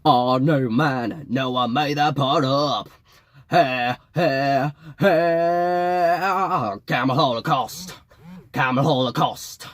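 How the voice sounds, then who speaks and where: Man putting on a lanky young prankster, fake Southern drawl, loud and hammy, dry close sound. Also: a little high, big pitch swings, normal speed, few pauses, husky, no echo, voice pushed up, exaggerated voice. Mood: hyped.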